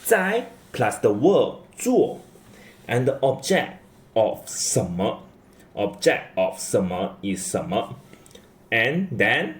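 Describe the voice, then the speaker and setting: A man teaching Chinese grammar in English, who repeats his key phrases and keeps checking in with "okay?". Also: slow pace. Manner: lively rising and falling pitch. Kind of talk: slow classroom explanation.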